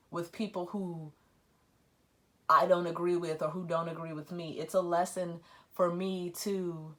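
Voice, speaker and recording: A woman tarot reader talking casually about spirituality, acting out her own thoughts in animated quoted asides. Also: lowish voice.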